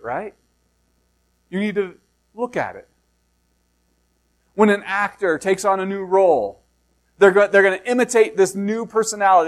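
Middle-aged male pastor, high voice, chatty sermon delivery with rhetorical questions. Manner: reads scripture slowly and low, then preaches conversationally with rhetorical questions; self-deprecating asides.

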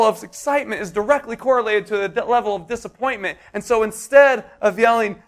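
Animated, higher-voiced man preaching. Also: fairly quick, hardly any pauses. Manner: storytelling, builds to impassioned pitch; conversational asides and everyday examples. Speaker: pastor. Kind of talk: sermon.

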